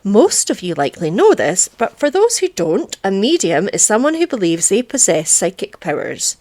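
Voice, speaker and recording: A woman's voice: medium pitch, sing-song, moderate pace, darkish tone. A chatty woman from Britain hosts a true crime podcast. She reads the case in an easy, casual way and often drops into jokes and laughter with her co-host.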